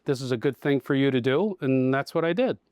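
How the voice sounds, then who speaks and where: A man's voice: mid-range voice, expressive, fairly quick, darkish tone, clean tone, dry recording. A middle-aged man, a dealership general manager, talking casually in a podcast interview and telling stories with acted-out dialogue. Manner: storytelling, acts out quoted dialogue.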